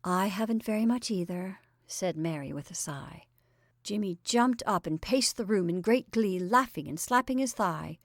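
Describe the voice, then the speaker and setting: A woman reading a classic short story aloud as the storyteller, in a measured, expressive narrating voice. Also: lowish voice, no echo, studio quality.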